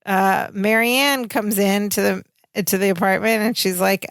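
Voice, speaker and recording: A woman's voice: mid-range voice, unhurried, fairly bright tone, dry recording. A woman co-hosting a podcast, recapping a sitcom episode in casual, chatty storytelling with lots of fillers. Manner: chatty storytelling, many "like" fillers, giggles often. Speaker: podcast co-host.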